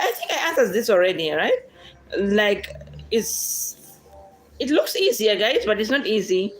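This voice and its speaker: A woman's voice: mid-range voice, slight background noise, rough recording. A woman with a Zimbabwean accent, a native Shona speaker, chatting with viewers in a casual question-and-answer vlog, talking to them directly and laughing often.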